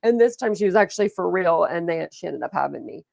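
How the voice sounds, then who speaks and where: Gravelly-voiced woman chatting on a livestream. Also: lowish voice, fast, dry recording, clean studio sound. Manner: rambling storytelling, chatty, reads and answers chat. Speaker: livestream host. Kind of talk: casual livestream chat.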